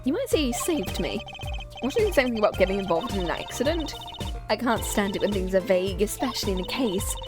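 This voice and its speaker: A woman's voice: mid-range voice, sing-song, quick pace, natural voice. A sulky young female forensic detective grumbles through her lines, read out by a woman. She sounds irritable and fed up. Game music plays behind her. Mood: grumpy.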